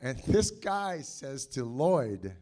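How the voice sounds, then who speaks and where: Man, panel guest, storytelling, stammering restarts, lively pitch, slightly high. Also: normal speed. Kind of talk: animated anecdote on stage.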